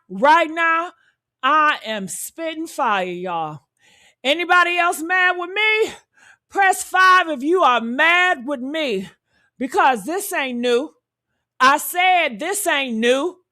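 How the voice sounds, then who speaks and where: A woman's voice: high-pitched, sharp tone. A woman hosting her commentary channel, in a fiery, emphatic rant that repeats phrases for effect.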